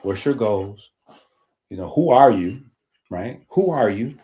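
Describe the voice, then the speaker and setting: Male streamer with a slightly low voice, emphatic and rhetorical, casual monologue. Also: animated, slow, dark tone. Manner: emphatic, rhetorical, checks in with "right?". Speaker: health streamer. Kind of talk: casual monologue reading from a book.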